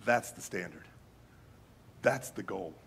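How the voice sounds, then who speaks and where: A pastor giving a conversational sermon, swinging between loud emphasis and quiet asides, with a husky voice. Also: male voice, sits low, expressive, slow pace, slight background noise.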